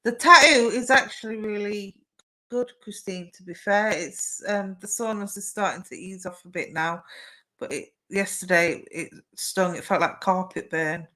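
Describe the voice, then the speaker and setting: Bright-voiced woman chatting on a live stream. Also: mid-range voice, normal speed, low-quality recording. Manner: chatty, warm replies to viewer comments with frequent fillers. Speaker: psychic medium and live stream co-host. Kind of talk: casual live stream chat and readings.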